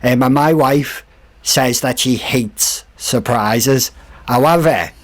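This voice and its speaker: A man's voice: mid-range voice, slow. A man, a podcast guest animatedly telling a story and acting out the voices of the people in it. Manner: animated, acts out quoted voices. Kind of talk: casual storytelling.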